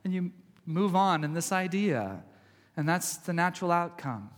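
A male pastor preaching a sermon in a conversational way, swinging from loud emphasis to hushed, quiet passages. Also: sits high, animated, moderate pace, in a large hall.

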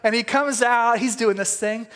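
A male pastor giving a sermon, retelling a story with lively, jokey asides. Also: extremely high pitch, normal speed, in a large hall.

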